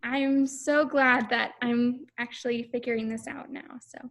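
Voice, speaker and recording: A woman's voice: on the high side, fairly even intonation, unhurried, fairly bright tone. A young woman talking casually about how her voice has grown, as a voice student. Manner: reflective, lots of "like" fillers. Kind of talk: casual chat.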